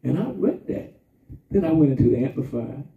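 A male preacher with a gravelly voice that swings up and down. His slow, drawn-out emphasis gives way to quick asides. The sound is thin and phone-like, and it echoes from far off in a big room. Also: a little high, very animated. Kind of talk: sermon.

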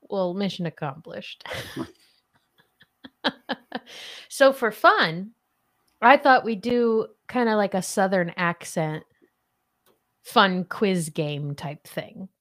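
A woman's voice: mid-range voice, lively intonation, slow pace, long pauses. A woman hosting a casual podcast chat and running a playful quiz, laughing often. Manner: giggly, chatty, laughs often. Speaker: podcast host.

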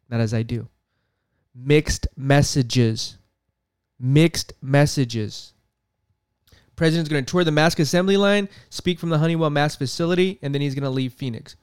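A man's voice: fairly high pitch, smooth, dry recording, clean studio sound. A man hosting a podcast, ranting about politics in a heated, profane, repetitive way. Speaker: podcast host.

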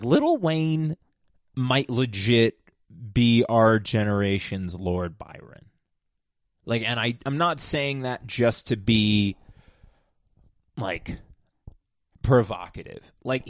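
A man's voice: mid-range voice, dry recording, studio quality. A man hosting a casual rambling monologue, digressive and self-mocking, with many fillers and restarts. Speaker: podcast host.

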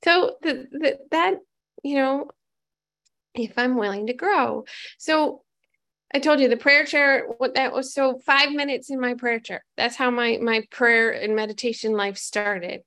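A woman with a slightly higher voice shares her own recovery story. She talks candidly and pokes fun at herself, now and then turning to ask her listeners questions. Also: measured pace, sharp tone. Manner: candid and self-mocking; conversational, asks the audience questions. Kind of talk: personal recovery testimony.

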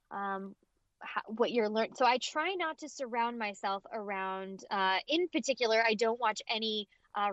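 Expressive higher-voiced woman, dull audio. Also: dry recording. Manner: emphatic and expressive, with frequent restarts. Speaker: voice actress. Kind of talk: conversational interview answers. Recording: slightly dull, dry audio.

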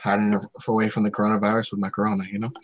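Man, low voice, casual podcast co-host, rambling storyteller, chatty. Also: monotone, racing. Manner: rambling storyteller, restarts and laughs often. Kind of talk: casual chat.

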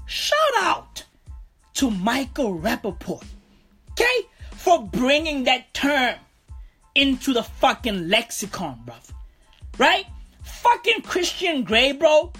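A woman comedian rants through a stand-up bit, swearing freely and calling everyone "bro." Her voice is breathy and husky, and it sits fairly high. She takes her time, but her pitch jumps around a lot. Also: very animated, slow, fairly bright tone, soft background music. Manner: profane, rambling, calls everyone "bro". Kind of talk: stand-up rant.

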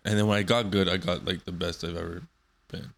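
A man's voice: sits low, steady tone, brisk, gravelly. A man in his twenties hosting a solo podcast, rambling loosely and swearing often. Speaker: podcast host.

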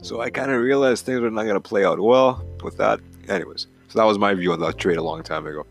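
A man's voice: lowish voice, quick pace, vocal fry, faint music behind. A man hosting a hockey talk show, ranting in a profane, heated, rambling way. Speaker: hockey podcast host. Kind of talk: casual rant, reading a column aloud.

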